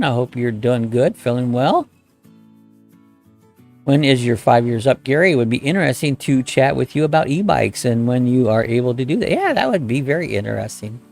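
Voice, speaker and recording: A man's voice: mid-range voice, gravelly, darkish tone. A middle-aged man hosting a casual live chat, rambling in a folksy way and greeting viewers by name as he reads their comments. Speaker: host of a live chat stream.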